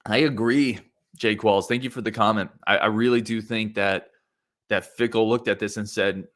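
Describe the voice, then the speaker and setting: A man's voice: fairly low pitch, steady tone, moderate pace, a bit bright. A man hosting a sports podcast on his own, talking casually and with strong opinions and reading out listener comments, often restarting his sentences. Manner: conversational, opinionated, many restarts and fillers. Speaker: podcast host.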